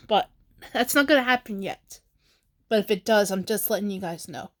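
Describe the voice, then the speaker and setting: A woman vlogging about her troubles while crying, halting and apologetic, with sighs and restarts. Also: mid-range voice. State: crying, tearful. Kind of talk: emotional personal vlog.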